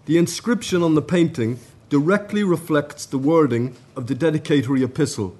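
A man at a conference, reading out a formal academic paper in a measured way. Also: fairly high pitch, a little mellow. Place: conference room.

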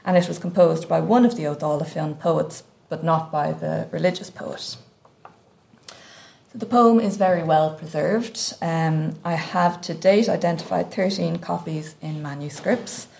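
A woman reading a scholarly paper at an academic conference, with a measured, careful delivery and frequent hesitations. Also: sits low, steady tone, creaky, darkish tone. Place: conference lecture room.

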